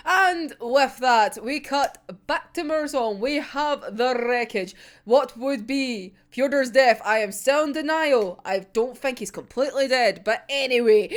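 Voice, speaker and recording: A woman's voice: high-pitched, a little slow. A young woman casually recapping a manga chapter, rambling and swearing, breaking into frequent laughter. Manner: excitable, rambling, swears a lot, laughs often. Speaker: manga reaction vlogger.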